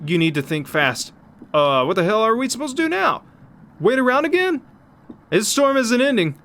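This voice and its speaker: A man voicing a frightened, scolding woman survivor in a horror game, with a shrill, strained delivery. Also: steady tone, moderate pace, a bit bright, a little hiss or hum, natural voice. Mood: panicky.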